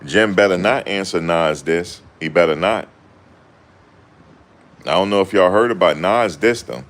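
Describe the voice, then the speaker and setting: Young guy talking to camera, real deep voice, slangy laid-back banter. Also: unhurried, fairly bright tone. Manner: loose slangy banter, laughing. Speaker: vlogger. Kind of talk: casual chat to camera.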